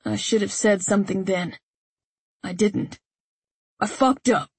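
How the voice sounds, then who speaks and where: A woman's voice: medium pitch, unhurried, breathy edge, no echo. A woman voicing a possessive young man who defiantly claims the girl.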